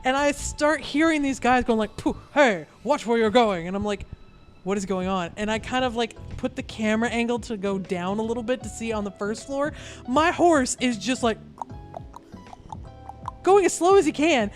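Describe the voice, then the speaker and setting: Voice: mid-range voice, normal speed, soft background music. A podcast co-host chatting casually and acting out the voices in a story. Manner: animated storyteller, acts out voices. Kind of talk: casual chat.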